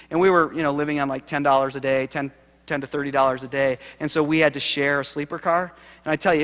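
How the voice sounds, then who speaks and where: A man giving a sermon-style keynote, telling a story with acted quotes and swinging from loud to hushed. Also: medium pitch. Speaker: keynote speaker. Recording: live lecture hall reverb.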